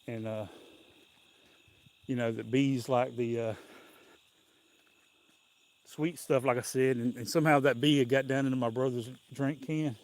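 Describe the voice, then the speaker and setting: A man with a Southern US accent hosts a casual live stream while out on a walk. His voice sits at an ordinary middle pitch, and he talks in a loose, folksy, meandering way, breaking into small chuckles. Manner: rambling folksy storytelling, chuckling often. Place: outdoors on a walk.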